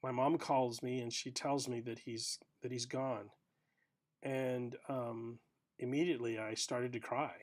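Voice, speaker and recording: A middle-aged man giving a short, reflective sermon for a video podcast, telling a story gently with pauses. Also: medium pitch, steady tone. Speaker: pastor.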